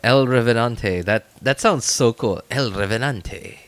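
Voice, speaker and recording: A man's voice: mid-range voice, unhurried, a bit bright, clean tone, no echo. A man streaming a video game, chatting casually and rambling, with frequent self-corrections and laughs. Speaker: gaming streamer. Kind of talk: casual gameplay commentary.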